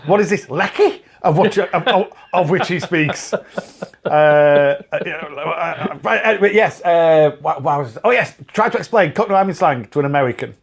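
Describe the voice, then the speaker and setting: A man co-hosting a podcast in relaxed conversation. His voice sits a touch high, and he rambles and restarts as he jokes along with his friend. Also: moderate pace, creaky. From England. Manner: rambling, jokey banter with many restarts. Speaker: podcast co-host. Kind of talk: casual chat.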